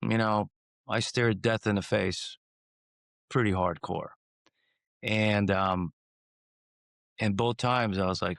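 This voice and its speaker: A man from Croatia, a guest in a casual interview who tells rambling stories with lively swings in his voice. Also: slow pace, creaky, long pauses, no room sound, studio quality. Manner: animated, rambling, acts out quotes with swings in pitch. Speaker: guest singer.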